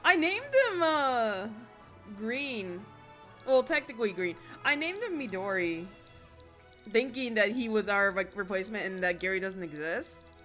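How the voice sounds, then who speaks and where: Animated woman streamer. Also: medium pitch, unhurried, soft background music. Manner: chatty and expressive, with sudden excited squeals. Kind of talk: casual gameplay commentary.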